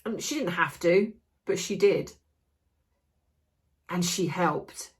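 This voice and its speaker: A woman's voice: fairly low pitch, takes it slowly. A woman giving an impassioned, ranting opinion vlog with many restarts, feeling unwell. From Australia. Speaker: commentary vlogger.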